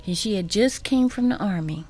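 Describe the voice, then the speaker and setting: A woman telling a personal story as a radio guest, halting and repeating words, sometimes dropping to a whisper. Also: medium pitch, lively intonation, darkish tone. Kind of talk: personal testimony in a radio interview. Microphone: studio microphone.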